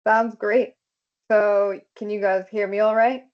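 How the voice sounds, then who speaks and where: A woman's voice: mid-range voice, flat delivery, a little slow. A woman opening a presentation as project coordinator over a video call, upbeat and enthusiastic. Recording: muffled video call audio.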